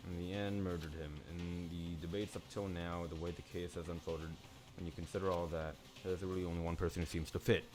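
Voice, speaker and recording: A man streaming a live game playthrough, excitable and swearing as he yells at the characters. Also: low voice, a little fast. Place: home streaming setup. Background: game music.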